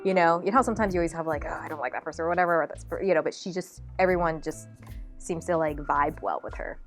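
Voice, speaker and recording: Chatty woman, kinda low voice, lots of "like", soft music behind. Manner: quick, lively, filler-heavy talk. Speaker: co-founder. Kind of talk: candid interview chat.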